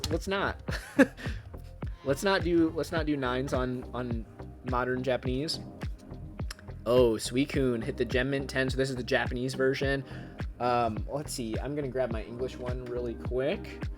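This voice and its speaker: An excitable man talks casually to his viewers in a mid-range voice, rambling with fillers and then shouting with excitement. Music plays clearly under his voice throughout. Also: mid-range voice. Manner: excitable, bursts into loud shouting at good pulls. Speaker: card collecting YouTuber. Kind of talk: casual unboxing vlog.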